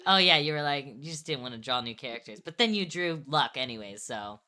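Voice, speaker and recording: A woman's voice: rumbling low, lively intonation, fairly quick, pushed and bright. A young woman streamer chatting casually while drawing, rambling and correcting herself as she goes, often laughing.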